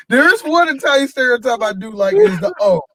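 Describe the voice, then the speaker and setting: A man co-hosting a casual podcast, loud and joking, often slipping into mock mobster voices. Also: extremely high pitch, no room sound. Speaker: podcast co-host. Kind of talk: casual chat, comic bits.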